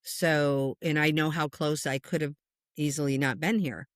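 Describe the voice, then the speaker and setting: A woman who works as a spiritual medium, a guest telling stories in an earnest, passionate, animated way. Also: low-pitched, normal speed, dry recording, clean studio sound. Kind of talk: conversational interview storytelling.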